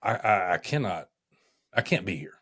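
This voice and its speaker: Man with a very low voice, firefighter guest, halting candid storytelling. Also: sing-song, fairly bright tone, husky. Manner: halting, with many restarts.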